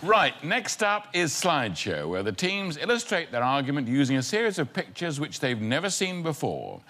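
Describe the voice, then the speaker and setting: A man hosting a comedy panel show, presenting briskly with dry scripted quips. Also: on the high side, huge pitch swings, fairly bright tone, a little hiss or hum. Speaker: host. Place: TV studio with audience.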